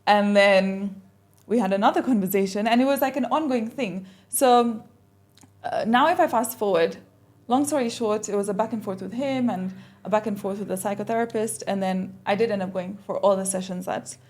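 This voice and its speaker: A young woman, a podcast guest, telling a personal story in a casual, animated way and acting out the conversations she recalls. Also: mid-range voice, moderate pace. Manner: animated, acts out quoted exchanges.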